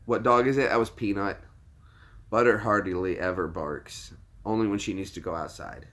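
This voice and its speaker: A man's voice: fairly low pitch, moderate pace, fairly bright tone. A man from the United States hosting a casual livestream, jokey, laughing easily and chatting with viewers. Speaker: livestream host.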